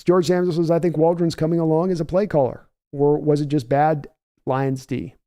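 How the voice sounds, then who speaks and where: An American man with a mellow, higher-pitched voice hosts a game reaction livestream, speaking in a level tone at a moderate pace. He gives opinionated, rambling analysis and reads chat aloud to respond conversationally.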